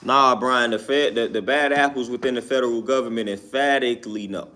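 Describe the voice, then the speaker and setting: A YouTube commentator speaks fairly quickly in a medium-pitched, steady voice that sounds pushed and bright. He talks through his opinions casually on his own show, emphatic and repetitive, often with "you know what I'm saying."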